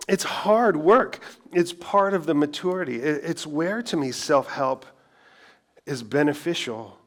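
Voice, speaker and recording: A man's voice: on the high side, lively intonation, slow, pauses often, fairly bright tone. A middle-aged man preaching a sermon as pastor, in a conversational way, full of rhetorical questions and self-deprecating asides.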